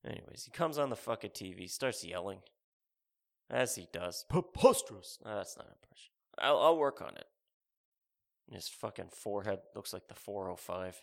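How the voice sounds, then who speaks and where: Gravelly man in a profane rant. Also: fairly low pitch, lively intonation, normal speed. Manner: profane, sarcastic, rambling.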